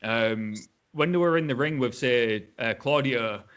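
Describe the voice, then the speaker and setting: A male podcast host with a mid-pitched voice chats in a relaxed, slightly halting way, full of ums. He comes through a video call. The audio is dull and lo-fi. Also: clear, resonant tone. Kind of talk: casual interview chat. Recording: dull lo-fi sound.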